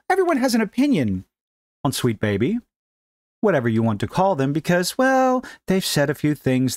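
A man's voice: high voice, dry recording, clean studio sound. A middle-aged man hosting a ranting, sarcastic gaming commentary vlog, mocking as he talks. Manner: sarcastic, mocking, animated delivery.

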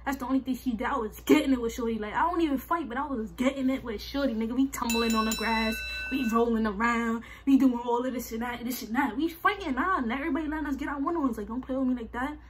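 A young woman with a husky voice, telling a storytime vlog in slangy, animated casual talk and repeating herself. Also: on the high side, fast talker, hardly any pauses, slight background noise. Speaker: vlogger. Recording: faint music behind.

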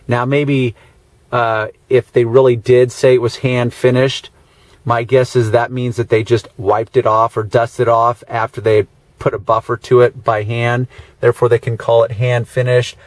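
A man talks a camera through a car's features in a loose, conversational way, full of ums and dry sarcastic asides. His voice sits at an ordinary middle pitch. The sound is dry, with no room echo. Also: flat delivery, moderate pace. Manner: chatty, dry sarcastic asides, frequent fillers. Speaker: car detailer giving a walkaround tour. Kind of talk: casual handheld car walkaround. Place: in and around a parked car.

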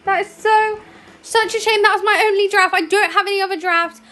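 A woman's voice: extremely high pitch, fairly even intonation, fast, a bit bright, faint music behind. A woman, chatting in a rambling, emotional way as she records commentary over her own game. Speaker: gaming YouTuber.

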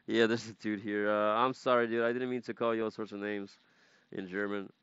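A man's voice: fairly low pitch, little pitch movement, normal speed, a bit bright, clear, resonant tone, no echo, highs cut off. A man streaming a game, casually chatting and playfully repeating foreign words to practice them. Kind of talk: casual gaming live-stream chat.

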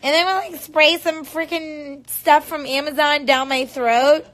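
A young woman talks on a casual livestream in a high, light voice. She rambles playfully and drops goofy little noises between thoughts. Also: fairly even intonation, unhurried, a bit bright. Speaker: singer livestreaming on tour.

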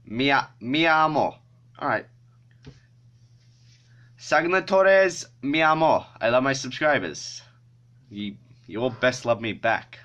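A man's voice: medium pitch, bright, forceful tone. A male YouTuber in casual vlog chat, self-mocking and swearing freely.

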